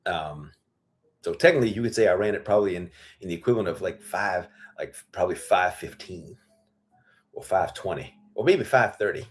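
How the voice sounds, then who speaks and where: A hoarse male farmer hosting a casual livestream Q&A, blunt and profane, rambling with lots of fillers. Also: deep voice, a little fast, slight background noise. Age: adult with children. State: losing his voice, hoarse.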